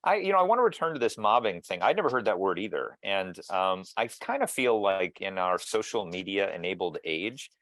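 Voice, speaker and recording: A man's voice: deep voice, very animated, fairly quick, few pauses, a bit bright. A man interviewing guests over a video call, thoughtful and musing, with frequent restarts. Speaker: interviewer and mediator.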